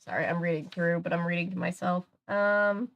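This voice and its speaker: A woman's voice: fairly low pitch, steady tone, brisk, vocal fry, fairly bright tone, highs cut off. A young adult woman on a livestream, chatting with viewers and reading a children's mystery book aloud. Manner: chatty, reacts to chat, reads aloud.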